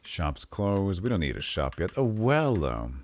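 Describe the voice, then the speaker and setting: An unhurried man with a deep voice chats casually while streaming a retro role-playing game at his home setup. Reading the game's text aloud, he stays animated but keeps stumbling and correcting himself.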